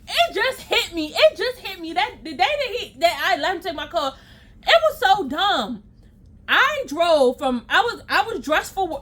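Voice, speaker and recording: A young adult woman, casually telling a storytime vlog, animated and slangy, laughing at herself. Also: extremely high pitch, a little slow. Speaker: storytime vlogger.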